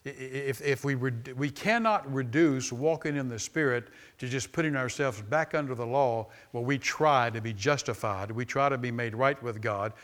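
A man preaching a sermon in a church, emphatic and repeating phrases for stress, rising to loud exclamations. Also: medium pitch, moderate pace, few pauses.

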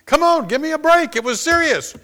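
A whiny, exasperated skeptic of a man , as a preacher puts him on, pitched well above an everyday voice and pushing loud. He pleads and shrugs off the point in a bright, forceful tone. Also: expressive, fairly quick, full character voice. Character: dismissive adult male skeptic making excuses.

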